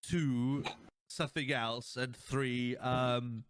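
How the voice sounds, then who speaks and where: Speaking extremely slowly in a steady, fairly bright mid-range voice, a man hosts a podcast and meanders through episode scenes with quoted lines. He swears, laughs along, and fills the chat with restarts and fillers. A faint hiss or hum sits under the recording.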